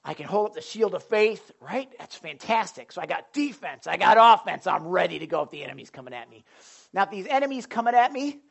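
A pastor preaching a sermon in a loose, conversational way, with jokes and asides to the congregation. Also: male voice, sits high, big pitch swings, brisk, vocal fry, a bit bright.

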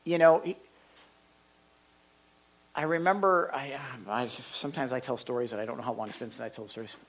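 A man, a pastor, giving a conversational sermon to a live congregation in an animated way, with big jumps in pitch and loudness. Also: brisk. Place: church service before a live congregation.

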